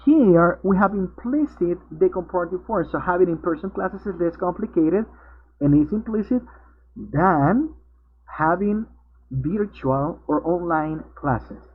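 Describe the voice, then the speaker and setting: A man's voice: high-pitched, animated, unhurried, slight background noise. A male English teacher, patiently explaining grammar step by step in an online class. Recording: tinny narrowband video-call audio.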